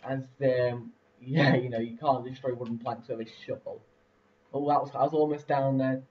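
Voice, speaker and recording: A man's voice: medium pitch, fairly even intonation, moderate pace. A young man casually commentating a building game, rambling with lots of fillers and laughs. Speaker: let's play host. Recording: distant lo-fi mic.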